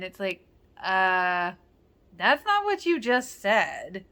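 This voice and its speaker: A woman talks through a TV episode in a loose, chatty way. She exclaims often and slips into quoting the characters as she reacts. Her voice sits at an ordinary mid pitch. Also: animated, unhurried, bright, forceful tone. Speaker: rewatch reaction host. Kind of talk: casual reaction commentary.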